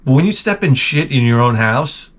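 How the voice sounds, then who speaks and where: A man in his forties hosting a show, telling crude, rambling stories in a casual monologue and jumping into loud, animated retellings. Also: medium pitch, moderate pace, a little hiss or hum. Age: 40s. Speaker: host.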